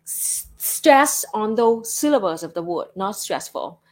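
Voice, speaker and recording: A woman from Vietnam streams live, talking casually in a Vietnamese accent with plenty of "like" and "you know." Her voice is mid-range and animated, and she speaks at a measured pace.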